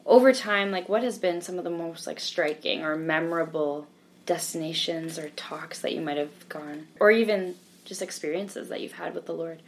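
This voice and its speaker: A woman's voice: on the low side, moderate pace, slight background noise. A woman hosting a faith interview, asking searching questions thoughtfully with "like" fillers. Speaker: podcast host. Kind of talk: conversational interview.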